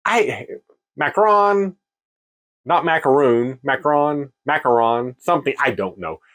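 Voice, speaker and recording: A man hosting a casual beer-tasting video, chatty and joking about his own pronunciation. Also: mid-range voice. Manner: chatty, self-mocking, lively. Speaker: beer reviewer, video host.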